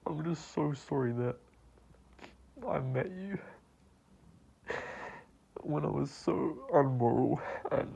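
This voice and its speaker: A man crying as he talks through an apology, halting and choked, with long pauses, sighs and breathy half-whispered words. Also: a little high, dark tone, highs cut off, a little hiss or hum. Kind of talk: tearful personal apology monologue.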